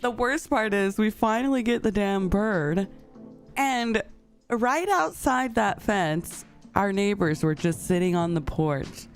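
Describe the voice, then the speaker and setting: A woman's voice: mid-range voice, lively intonation, slow pace, faint music behind. A young woman chatting casually to her viewers, telling a story with lots of laughter between lines. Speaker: streamer.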